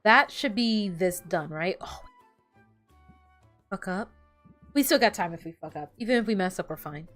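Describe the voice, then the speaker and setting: A woman's voice: mid-range voice, lively intonation, moderate pace, pauses often, a bit bright. A young woman streaming a game, chatting casually, laughing often and swearing as she tells stories. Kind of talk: casual gameplay chat. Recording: faint background music.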